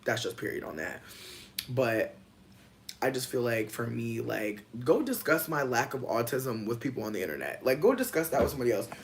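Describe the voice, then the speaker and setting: Over a faint background hiss, a young adult content creator chats on a casual livestream, spinning a loose, profane story. Their mid-range voice is brisk and lively, and they drift through fillers while hopping between the tale and viewer comments.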